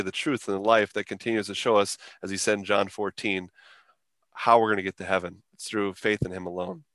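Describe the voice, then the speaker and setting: A man's voice: lowish voice, a bit bright, no echo. A man, a pastor, explaining scripture on a podcast in a reflective, emphatic way.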